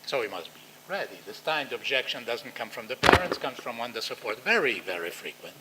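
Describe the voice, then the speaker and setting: A man with an Israeli accent giving a conference talk, animated and acting out quoted dialogue. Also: medium pitch, fairly quick, few pauses, very noisy. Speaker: lecturer.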